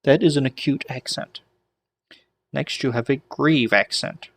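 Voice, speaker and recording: A man teaching ancient Greek in a relaxed, chatty lesson, with frequent restarts and small jokes. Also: medium pitch, a little slow, gravelly. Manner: relaxed, many restarts and asides, light joking. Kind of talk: casual whiteboard lesson.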